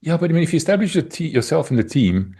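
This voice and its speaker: A South African man co-hosting a rugby podcast, chatting casually with a relaxed, wry, teasing manner. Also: on the high side, quick pace, slightly rough. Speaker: podcast co-host. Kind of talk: casual chat.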